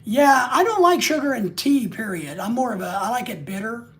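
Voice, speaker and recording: A man's voice: very high voice, lively intonation, normal speed, a bit bright. A man hosting a live stream, rambling and joking casually with crude asides.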